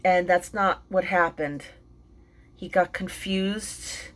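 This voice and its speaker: A middle-aged woman telling an emotional personal story, halting, with many fillers and restarts, and sounding tearful and shaken. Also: on the low side, steady tone. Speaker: vlogger and mindfulness teacher.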